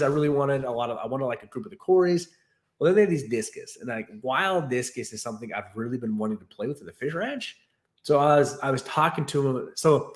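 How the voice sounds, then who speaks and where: Exasperated man telling a store story. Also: mid-range voice. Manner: animated, exasperated retelling with quoted dialogue. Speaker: fish keeper vlogger. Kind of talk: casual storytelling rant.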